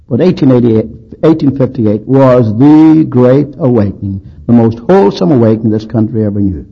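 Man, preacher, sermon storytelling, dry humor, emphatic, husky, muffled lo-fi recording. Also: mid-range voice, expressive, brisk. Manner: anecdotal, dryly humorous, emphatic.

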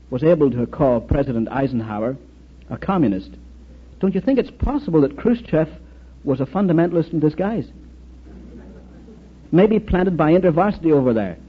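A man giving a storytelling sermon talk, recounting anecdotes and quoted exchanges in an animated way. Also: a little high, lo-fi sound, slight background noise. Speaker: speaker addressing an audience.

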